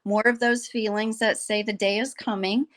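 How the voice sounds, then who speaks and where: A woman guest in a podcast conversation, telling a story in an earnest, animated way and quoting the people in it. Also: medium pitch, moderate pace. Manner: earnest, animated storyteller who quotes others.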